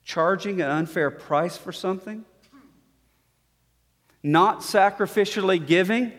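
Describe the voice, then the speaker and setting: High-voiced man preaching in a hall. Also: a little slow. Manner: dynamic preaching, dropping to soft low tones and rising to emphatic. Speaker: pastor. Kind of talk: sermon. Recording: long reverb of a hall.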